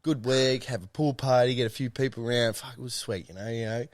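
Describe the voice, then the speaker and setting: A man's voice: mid-range voice, fairly even intonation, fast, dry recording, clean studio sound. A young man telling a rambling, sweary story to his mates on a casual podcast. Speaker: podcast co-host.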